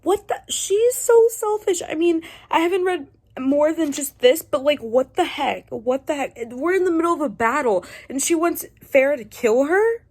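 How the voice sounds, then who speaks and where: High-voiced excitable woman vlogger. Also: normal speed. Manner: excitable, gushing, swings between whispers and squeals. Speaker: book vlogger. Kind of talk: casual reading reaction vlog.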